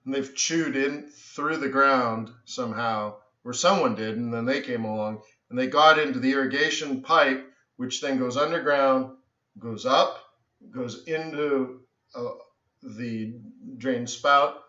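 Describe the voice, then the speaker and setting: A tired man rambles through animated stories while hosting a live trading stream and keeps saying "so anyways". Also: mid-range voice, a little slow. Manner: animated storyteller, says "so anyways" often, trails off. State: tired from little sleep. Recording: echoey room, dull lo-fi sound.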